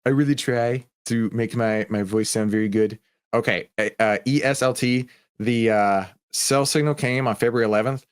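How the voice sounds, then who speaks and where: A man's voice: medium pitch, steady tone, normal speed, clean tone. A man hosting a live trading stream, chatting casually and joking with viewers in the chat.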